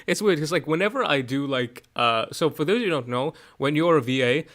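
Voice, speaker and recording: A young man streaming from home, chatting casually, excitable and rambling, swearing often and restarting his sentences. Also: fairly high pitch, fairly quick. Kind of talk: casual chat.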